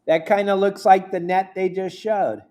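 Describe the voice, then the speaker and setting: Laid back host guy, slightly high voice, just chatting and reading viewer questions. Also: fairly even intonation, normal speed, mellow. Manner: easygoing, relays viewer questions. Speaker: livestream host. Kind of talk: casual chat.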